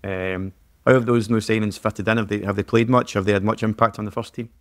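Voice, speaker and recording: A man co-hosting a football podcast, speaking casually and haltingly with frequent fillers and repeated words, close to the mic. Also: on the low side, fairly even intonation, no room sound. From Scotland. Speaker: podcast co-host. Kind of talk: casual football analysis chat.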